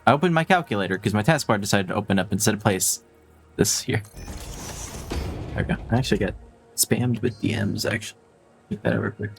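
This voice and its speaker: A man's voice: on the low side, brisk, creaky, pauses often, soft background music. A man streaming a game live, chatting casually in a playful, jokey, self-deprecating way and laughing often.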